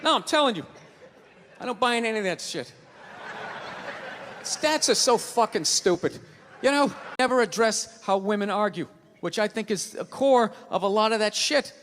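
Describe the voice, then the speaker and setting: A man doing a stand-up comedy routine, ranting and swearing in loud bursts before a live audience. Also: high-pitched, lively intonation, normal speed, long pauses. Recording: live hall reverb with audience.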